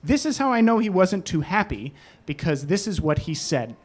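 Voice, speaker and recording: A man telling a personal story live on a club stage, animated and self-deprecating. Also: high voice, moderate pace. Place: club stage in New York.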